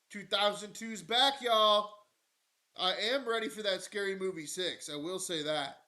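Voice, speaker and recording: A man hosting a live news stream, swearing and mocking as he swings from loud rants to low mutters. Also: unhurried. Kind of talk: profane live-stream commentary.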